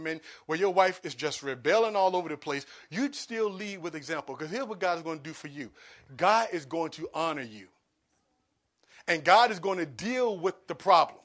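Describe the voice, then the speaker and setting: High-voiced preaching man. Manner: preacherly, swings from hushed asides to loud emphatic pleas. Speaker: pastor. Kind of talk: sermon.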